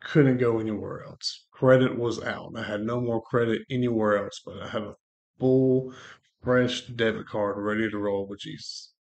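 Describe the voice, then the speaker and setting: A man co-hosting a faith podcast, telling a personal testimony as a lively storyteller who acts out what people said. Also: lowish voice, moderate pace. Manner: lively storyteller acting out quoted dialogue. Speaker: co-host sharing a testimony.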